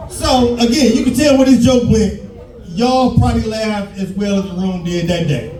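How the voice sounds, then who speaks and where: Man in his fifties, high voice, mellow tone, echoey club, far from the mic. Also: normal speed. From Detroit, USA. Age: 50s. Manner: profane, loud, shouting punchlines. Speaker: stand-up comedian. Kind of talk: live stand-up set. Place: comedy club stage.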